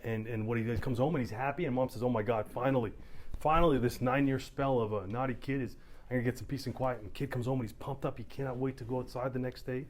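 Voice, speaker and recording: A middle-aged man from Canada who works as a police officer speaks at medium pitch and a quick pace to a community town hall. Standing in the community hall, he tells animated stories and voices the people involved.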